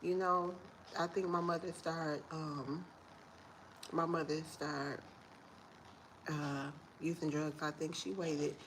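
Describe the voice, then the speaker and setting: A woman in her forties talks to her viewers from home in a casual morning vlog. Her voice is gravelly with fry and sits on the low side, her manner earnest and a bit preachy. Faint room noise hums behind her. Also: steady tone, slow pace, pauses often, a bit bright, rough recording. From Detroit, USA. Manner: heartfelt, preachy, talks straight to viewers as y'all. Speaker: vlogger.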